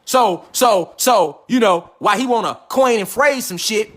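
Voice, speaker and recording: A man's voice: high voice, animated, a little slow, fairly bright tone. A man giving a profane, emphatic livestream lecture into a phone or webcam, repeating rhetorical questions. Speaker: online lecturer. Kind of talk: animated livestream rant.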